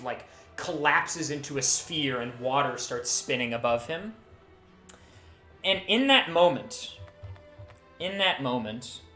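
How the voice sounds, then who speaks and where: A man running a tabletop game as game master, telling the scene with lively restarts. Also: mid-range voice, roomy sound. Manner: lively storytelling with many restarts.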